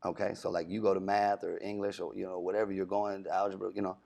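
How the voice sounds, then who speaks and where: A man's voice: deep voice, fast, vocal fry. A young adult man, a radio DJ, casually telling stories in an interview and acting out the voices he quotes. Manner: animated storyteller, acts out quoted voices.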